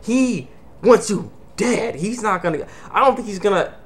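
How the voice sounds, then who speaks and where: Man, casual anime recap, slightly high voice, rambling, lots of fillers. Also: animated, moderate pace. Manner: rambling, many fillers and restarts; acts out characters' lines in quotes. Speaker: anime reviewer.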